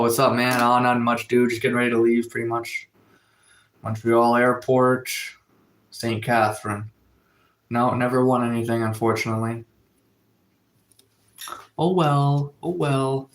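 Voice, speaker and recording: On a phone-recorded home livestream, a man with a medium-pitched voice talks casually from a room with a window, and the audio sounds roomy. He rambles with plenty of fillers and reads out viewers' comments.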